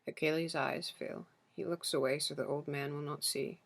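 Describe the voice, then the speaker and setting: A woman narrating a literary novel in the first person, in a slow, measured storytelling manner. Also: deep voice, fairly even intonation. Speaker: audiobook narrator.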